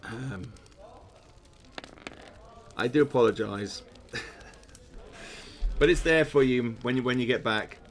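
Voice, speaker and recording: A man's voice: mid-range voice, slow, long pauses. A man, hosting a gamebook session, reading aloud and chatting in musing asides. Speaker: host playing a gamebook.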